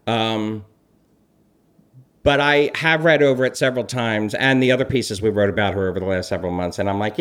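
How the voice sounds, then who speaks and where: A man co-hosting a casual podcast chat as a celebrity blogger, telling stories with animated swings in his voice. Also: brisk, clear, resonant tone. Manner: animated storytelling, lively swings in pitch.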